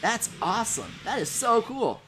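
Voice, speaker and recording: A woman's voice: on the high side, big pitch swings, moderate pace, fairly bright tone, soft background music. A woman from the United States hosting a casual gaming livestream, chatty and reading viewer comments aloud. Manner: chatty, reads chat aloud, gushes over pets.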